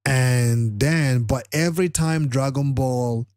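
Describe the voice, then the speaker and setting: A weary man chatting on a live stream, his words slow and drawn out, full of ums and restarts. He sounds tired, like he can barely keep his eyes open. The sound is dry and close, with no room echo. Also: mid-range voice, a little mellow, smooth. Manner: rambling, with frequent fillers and restarts. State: tired, struggling to stay awake. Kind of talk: casual live-stream chat.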